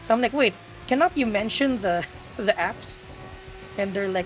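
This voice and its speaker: A woman's voice: medium pitch, animated, normal speed, long pauses, faint music behind. A young woman, chatting playfully to her live-stream audience while gaming and laughing often.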